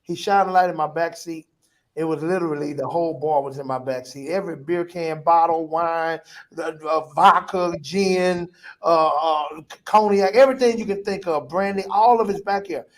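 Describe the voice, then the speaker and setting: A middle-aged pastor telling a personal testimony in a vivid, animated way, in casual vernacular with repeated phrases. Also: male voice, fairly high pitch, moderate pace. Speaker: pastor, guest.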